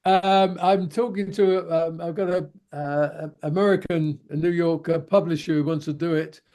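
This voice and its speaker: A man's voice: a little high, steady tone, normal speed, dark tone. Older Cockney man spinning a yarn. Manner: rambling yarn-spinner, acts out the people he quotes. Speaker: guest, veteran stuntman. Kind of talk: anecdotal storytelling. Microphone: video call.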